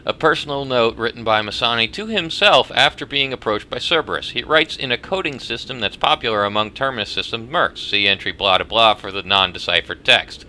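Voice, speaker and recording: A man's voice: medium pitch, brisk, few pauses, bright, forceful tone, rough recording. A man casually reading in-game dossiers aloud with wry asides.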